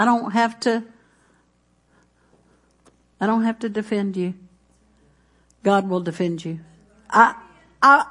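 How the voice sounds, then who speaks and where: A middle-aged woman preaches to her congregation at an unhurried pace. She talks in a loose, conversational way, with frequent asides and restarts. Her voice sits at an ordinary middle pitch for a woman. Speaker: pastor. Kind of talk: sermon.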